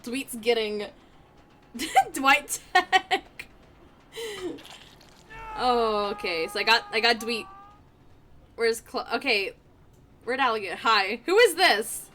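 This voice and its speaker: A woman streamer commenting live on her gameplay in an excitable, playful way, laughing often and trash-talking the other players. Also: a little high.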